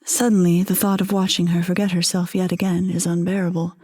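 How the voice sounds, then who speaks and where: A woman narrating a first-person story in a quiet, measured, intimate way. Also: lowish voice, flat delivery, breathy edge.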